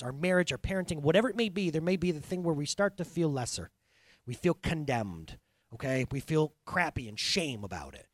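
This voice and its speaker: A pastor giving a conversational sermon, with joking asides, restarts and acted-out quotes. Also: male voice, on the high side, a bit bright, no room sound, studio quality.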